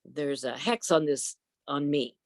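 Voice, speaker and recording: A stern enchanted well from a storybook, voiced by a woman, low and forbidding, dry and close. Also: a little slow, dry recording.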